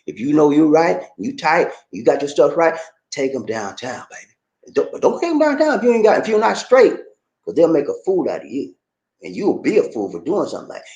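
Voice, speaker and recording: A man's voice: a little high, big pitch swings, normal speed, darkish tone, highs cut off. A middle-aged man giving an emphatic, repetitive monologue, talking straight to his viewers and calling them man. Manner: emphatic, repetitive, keeps addressing listener as man. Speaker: online commentator. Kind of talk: casual preachy monologue. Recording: roomy echo.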